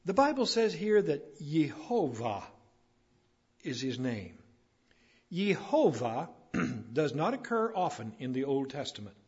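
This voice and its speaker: A man delivers a sermon in a folksy, plainspoken way, swelling to emphatic peaks before sinking low again. His voice sits a little high and sounds husky. The recording is dull and lo-fi. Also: sing-song, takes it slowly. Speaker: preacher.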